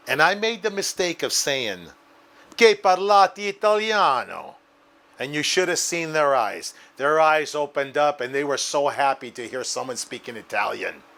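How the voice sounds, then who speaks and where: A man hosts a cooking show with eager, chatty enthusiasm, talking straight to the viewers. His voice sits a little high. He shifts easily between recipe steps and storytelling. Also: a bit bright. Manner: enthusiastic, addresses viewers as guys. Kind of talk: cooking demonstration and anecdote.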